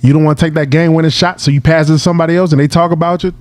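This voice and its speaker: A man's voice: on the high side, fairly even intonation, racing, dry recording. A man co-hosting a podcast, bantering casually and repeating himself as he talks. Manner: laughing, repetitive banter. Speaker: podcast co-host. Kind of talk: casual chat.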